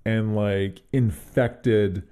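A man co-hosts a podcast, casually discussing a tabletop adventure module and thinking aloud with frequent restarts. His voice is fairly low, warm, and smooth, with fairly even intonation and an extremely slow pace.

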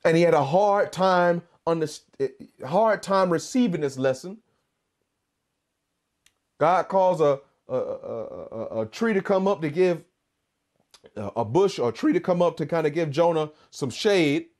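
A man's voice: on the high side, expressive, unhurried, a little mellow. A man teaching a Bible study, reading scripture aloud and then preaching with growing fervor and call-and-response questions. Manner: reads scripture aloud, then rises to fervent, emphatic preaching; quizzes listeners with repeated "what?".

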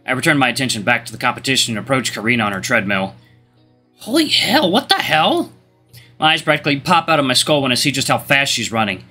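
A man's voice: medium pitch, rapid-fire, few pauses, bright, forceful tone, faint music behind. A man hosting a gaming channel, reading a story game's narration aloud in a let's play.

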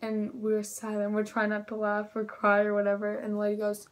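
A teenage girl vlogger telling a storytime in a chatty, excitable way, full of "like". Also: mid-range voice, a little fast. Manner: chatty, filler-heavy with "like", excitable. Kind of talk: storytime vlog.

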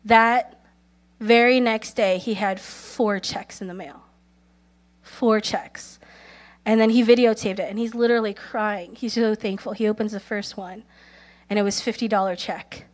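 A woman's voice: mid-range voice, fairly even intonation, measured pace. Earnest woman preaching a sermon. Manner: earnest storytelling, calls for amens; acts out quoted prayers softly, at times in a whisper.

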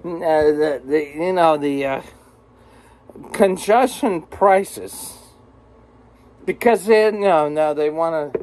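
A woman's voice: low-pitched, takes it slowly, long pauses, darkish tone. A woman delivering a profane political rant as a vlogger, cursing, mocking and cackling.

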